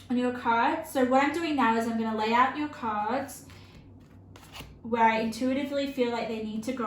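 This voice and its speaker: A woman reading tarot cards for her viewers in a fairly high voice, earnest and openly emotional. She talks haltingly, full of fillers and restarts. The sound is roomy, with a faint hiss behind her. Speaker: tarot reader.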